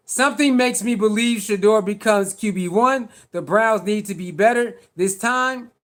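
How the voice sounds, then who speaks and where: Man, very high voice, sports stream host, argumentative, slangy, repeats rhetorical questions. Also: unhurried, a bit bright. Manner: casual slangy speech. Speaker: sports talk show host. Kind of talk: live-stream commentary answering chat.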